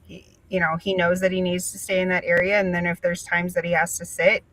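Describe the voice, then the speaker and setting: A woman's voice: fairly low pitch, level tone, fairly quick, fairly bright tone, dry recording, poor audio. A woman hosting an interview, talking casually and chattily with lots of fillers. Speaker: podcast host.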